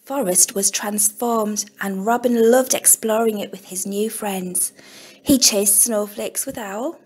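A woman, an early years teacher, gently reading a children's picture book aloud in an unhurried storytelling manner. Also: mid-range voice, breathy edge.

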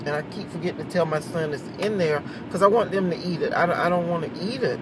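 Woman vlogger, chatty and rambling, recorded on a phone in a car with clear road noise behind. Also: lowish voice, fast talker. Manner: rambling, chatty, laughs often. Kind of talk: casual chat. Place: in a car in traffic.

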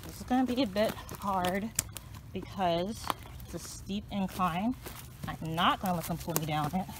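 A woman's voice: lowish voice, moderate pace. Woman, casual vlog chat, says y'all, talks to her dogs, handheld phone, outdoors, noisy background. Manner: chatty, addresses viewers as y'all, coos at her dogs. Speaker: vlogger walking her dogs. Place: outdoors on a hiking trail, then a home yard.

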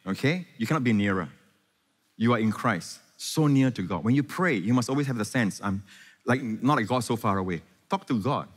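A man's voice: mid-range voice, animated, breathy edge. Male pastor, mid-range voice, engaging call-and-response sermon, recorded in a reverberant church hall. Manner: engaging, quizzes the congregation with quick questions. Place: large church hall before a congregation. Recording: echoey hall.

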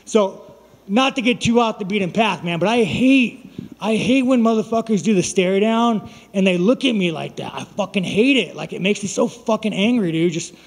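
A man's voice: sits high, normal speed, vocal fry, in a large hall. A man speaking at a press conference as a fighter, rambling and profane, taunting his opponent.

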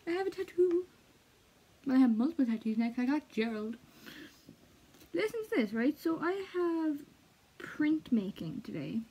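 A young woman chatting casually to the camera, excitable and giggly, slipping between bubbly chatter and hushed asides. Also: high-pitched, moderate pace, long pauses, low-quality recording. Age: young adult. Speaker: art student vlogger.

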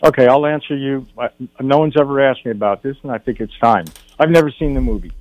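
An older man, a film director, telling stories as a guest in a radio studio interview, animated and acting out what people said. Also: mid-range voice, fast, no echo, muffled recording. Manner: animated anecdote teller, acts out quotes.

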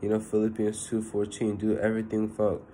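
A man's voice: fairly low pitch, monotone, fairly quick, dark tone, slight background noise. A young man giving a casual, earnest spoken sermon, rambling with constant "you know" fillers. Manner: earnest and personal. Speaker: preacher.

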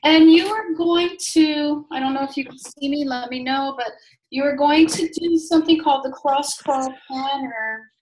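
A woman healer leading a guided healing session, speaking slowly and soothingly, repeating phrases. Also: high-pitched, a little mellow, a little hiss or hum, low-quality recording. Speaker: energy healer.

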